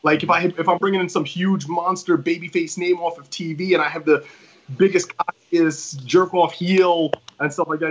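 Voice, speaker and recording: A man's voice: fairly high pitch, fairly bright tone, muffled recording. A man talking as a wrestling promoter guest in a casual podcast chat, rambling and emphatic with many restarts.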